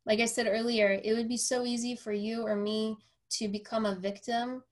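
A woman's voice: a little high, moderate pace. A woman hosting a podcast, a personal trainer telling a story casually, with lots of fillers and acted-out quotes. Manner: animated, acts out quoted dialogue, frequent fillers.

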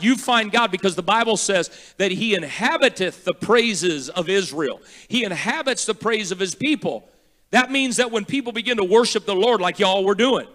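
A man preaching as a guest pastor, emphatic and repetitive, slowing down to spell out words and building to loud praise. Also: sits high. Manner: repeats words slowly for teaching. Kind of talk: sermon.

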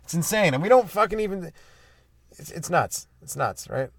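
A man's voice: high voice, expressive, moderate pace, creaky, no echo. A young man from Canada hosting a comedy podcast alone from a parked car, ranting in a rambling, sarcastic, self-mocking way and swearing freely. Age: young adult. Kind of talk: solo comedic rant. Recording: dry close sound in a car.

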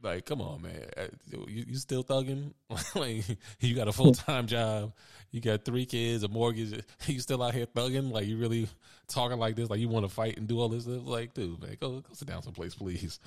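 A man's voice: mid-range voice, normal speed, vocal fry, darkish tone. A young adult man co-hosting a casual chat, telling stories with a laid-back, laughing, profane manner. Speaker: podcast co-host.

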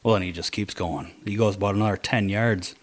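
A man telling a hunting story in casual chat, animated, dropping to low mutters to quote his own thoughts. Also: a little fast.

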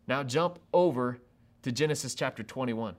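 A pastor preaching a sermon to an online audience, acting out people's reactions with laughs and quick asides. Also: male voice, medium pitch. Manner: animated, acts out quoted reactions with laughs.

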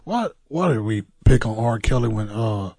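Radio cohost guy, husky voice, dry teasing humor, dry close sound. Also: fairly low pitch, lively intonation, normal speed, warm tone, no room sound. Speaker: radio co-host. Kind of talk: casual radio chat.

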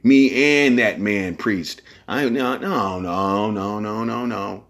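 A man's voice: lowish voice, slow pace, fairly bright tone. Give me a man hosting a podcast in a loose, profane monologue. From San Francisco Bay Area. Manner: profane, rambling, streetwise slang. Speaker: podcast host.

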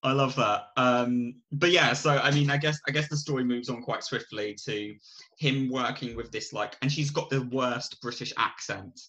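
A man co-hosting a podcast, retelling a film's plot in animated, rambling casual chat and laughing often. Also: mid-range voice, normal speed, highs cut off. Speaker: podcast co-host. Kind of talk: casual film review chat.

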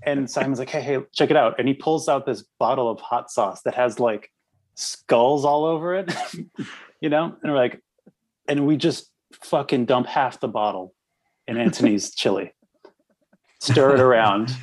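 A man's voice: mid-range voice, normal speed, poor audio. Man telling a laughing anecdote. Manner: animated, laughing through anecdotes. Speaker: podcast guest, former band member. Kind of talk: casual storytelling chat.

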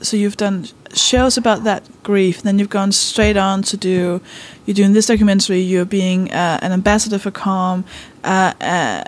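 A woman hosting a casual podcast, chatty and rambling, often breaking off her own sentences. Her voice sits at an ordinary middle pitch. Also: normal speed, hardly any pauses. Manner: chatty, rambling, self-interrupting. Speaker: podcast host. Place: London arts club.

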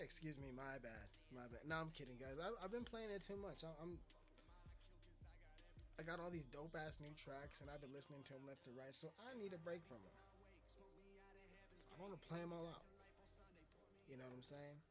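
A man hosting his own podcast, rambling and joking with lots of swearing. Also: fairly high pitch. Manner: rambling, profane, jokey. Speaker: podcast host. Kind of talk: casual solo podcast chat.

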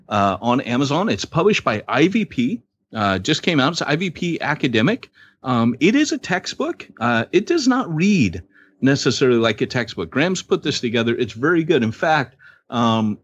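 A man hosting a podcast in a casual, jokey, animated way. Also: mid-range voice, muffled recording. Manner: jokey, animated, laughs easily. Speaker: podcast host.

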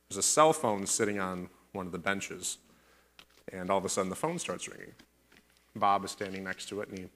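Guy preaching at church, bright forward voice, laid back and jokey, laughs a lot. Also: low voice. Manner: chatty, jokey, laughing between points. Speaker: church teacher. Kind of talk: casual sermon with a joke. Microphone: corded microphone.

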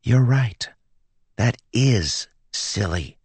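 A man's voice: mid-range voice, animated, very slow, a little mellow, slightly rough, no echo, voice pushed up, full character voice. A man reading an audiobook, voicing a pushy, eager teenage schoolgirl in a lifted, lighter voice. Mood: agreeing.

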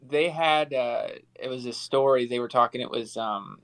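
A podcast co-host chats casually and tells stories, acting out the quotes as he goes. His mid-range voice moves at a normal speed, and the recording quality is low.

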